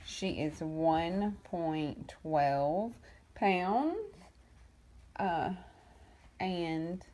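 Low-voiced chatty woman fostering kittens. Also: drawn-out words, warm tone. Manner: chatty and rambling, many ums and restarts; coos affectionately at the kittens. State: getting over an illness, coughing. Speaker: cat rescuer and foster carer. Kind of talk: casual vlog update.

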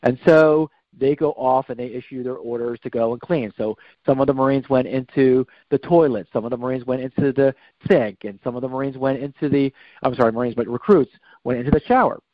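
Guy telling a long story on a podcast, keeps correcting himself, mid pitch, dull dry audio. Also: steady tone, brisk, no echo. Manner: rambling, self-correcting storyteller. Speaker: podcast guest. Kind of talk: personal storytelling. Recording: slightly dull, dry recording.

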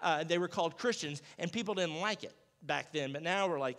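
A man in the role of pastor, giving a casual, conversational sermon, acting out Bible dialogue in a lively, jokey everyday voice. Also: on the high side, brisk. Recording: church sanctuary with long reverb.

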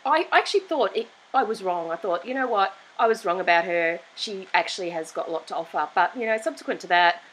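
A woman's voice: medium pitch, a bit bright, a little hiss or hum, rough recording. Blunt, opinionated woman host ranting. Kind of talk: opinion commentary monologue.

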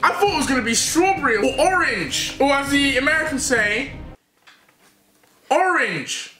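A young British man on a casual taste-test vlog, reacting loudly and with excitement. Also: very high-pitched, fast talker. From United Kingdom. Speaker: YouTuber. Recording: echoey room with loud music.

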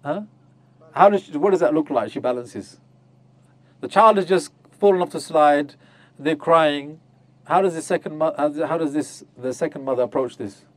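A man's voice: on the high side, normal speed, dry recording. A man giving an interactive religious lecture, asking his listeners questions and acting out little scenes to make his points. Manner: questions the audience, acts out voices of mothers. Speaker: Islamic teacher. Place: on a group pilgrimage tour.

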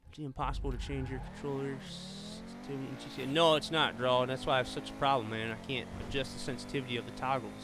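A man's voice: medium pitch, flat delivery, fast talker, few pauses, background noise. A man streaming a racing game, chatting with viewers and friends and exclaiming often. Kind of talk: live gameplay commentary.

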